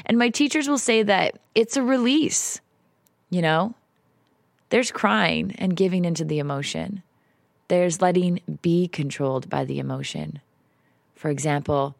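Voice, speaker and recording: A woman with a lowish voice records an unscripted solo podcast at home, talking in a raw, confessional way. She mocks herself and swears now and then. The sound is dry and close, with no room around it. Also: no room sound. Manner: confessional, emotional, swearing, self-mocking. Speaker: podcast host. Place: house in the woods, alone. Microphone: home setup, popping p's.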